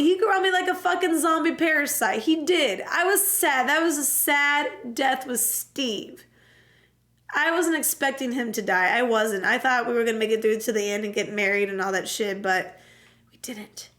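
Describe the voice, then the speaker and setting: A young woman with a high, bright voice rattles through a game recap with lively, profane humor. She talks casually, like a streamer chatting with her viewers. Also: moderate pace. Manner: animated, profane, jokey storytelling.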